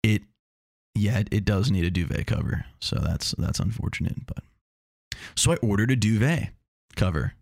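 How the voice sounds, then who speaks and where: A man's voice: fairly low pitch, no room sound, clean studio sound. A man hosting a casual solo talk, rambling and self-mocking with meandering asides.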